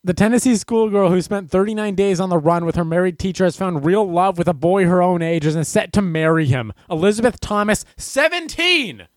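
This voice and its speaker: A man hosts a comedic news commentary, ranting and sarcastic as he works himself up. His pitch swings widely with lively animation. The recording is dry and close, with no room sound. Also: fairly quick, few pauses, dry recording. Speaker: host of a news commentary show.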